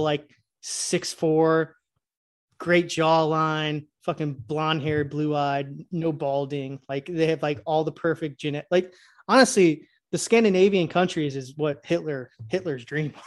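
A man's voice: fairly high pitch, big pitch swings, measured pace. Crude, rambling young man in banter. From Florida, USA. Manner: profane, laughing, rambling.

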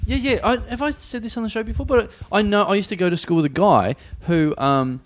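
A man co-hosting a casual podcast, telling an anecdote and throwing in quick jokes. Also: high-pitched, a little hiss or hum. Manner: quick jokey interjections. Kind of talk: casual chat.

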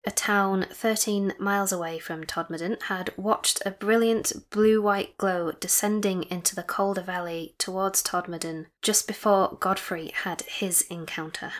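A woman's voice: mid-range voice, fairly even intonation, a little slow, hardly any pauses. A woman co-hosting a podcast, retelling a case in a chatty, teasing way. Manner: chatty, teasing, recommends and asks questions. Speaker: podcast co-host. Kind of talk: casual chat, retelling a case.

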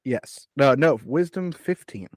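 A man's voice: mid-range voice, expressive, measured pace, no room sound. A man playing a tabletop game, talking earnestly and slipping between his character and plain table talk. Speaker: player.

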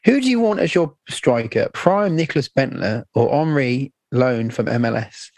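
A man's voice: mid-range voice, expressive, normal speed, darkish tone, dry recording. A man co-hosting a podcast, chatting casually about football and reading listener questions, hesitant with fillers. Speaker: podcast co-host.

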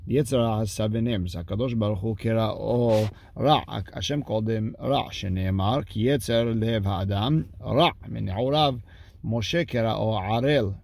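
Gravelly low-voiced man teaching Talmud. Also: a little slow, darkish tone. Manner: reads the text aloud line by line, then translates it in plain casual speech. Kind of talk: daily Talmud page lesson.

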